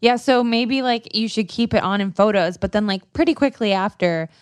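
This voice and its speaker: A young woman co-hosting a casual dating podcast, animated and full of "like" and quick asides. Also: mid-range voice, clear, resonant tone, no room sound, studio quality. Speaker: podcast co-host. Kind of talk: casual chat.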